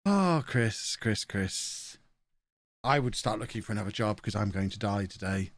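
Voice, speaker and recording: A man's voice: lowish voice, animated, normal speed, no echo. An English man casually chatting on a live stream, joking with people in the room and laughing often, with close desk-mic sound. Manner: jokey, laughs a lot, talks to the room and to the chat.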